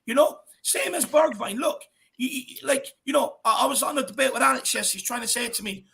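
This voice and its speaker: A man's voice: very high-pitched, fast talker, gravelly, bright, forceful tone, a little hiss or hum. A man hosting a live football watchalong, giving passionate, ranting opinions. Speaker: watchalong host.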